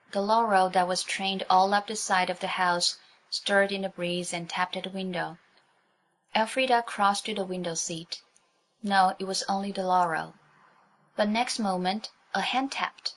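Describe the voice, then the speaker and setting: A woman reads a children's story aloud in a clear, even narrating voice. Her pitch sits in a comfortable middle range. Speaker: audiobook narrator.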